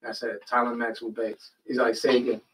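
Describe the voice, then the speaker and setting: A man's voice: medium pitch, quick pace, distant mic, slight background noise, poor audio. A man, a podcast host, telling a long story in casual chat, swearing freely and acting out the people he quotes. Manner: animated, profane, acts out quoted people. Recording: voice a bit off-mic.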